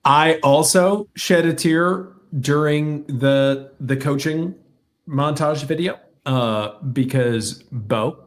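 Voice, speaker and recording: A man's voice: fairly high pitch, takes it slowly. A man co-hosting a casual sports podcast, talking animatedly and slipping into mocking impressions. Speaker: podcast co-host.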